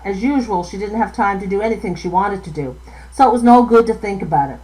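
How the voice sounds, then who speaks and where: A woman's voice: mid-range voice, fast talker, warm tone, rough recording. A woman author reading a passage from her own novel aloud, now and then stumbling over words and correcting herself.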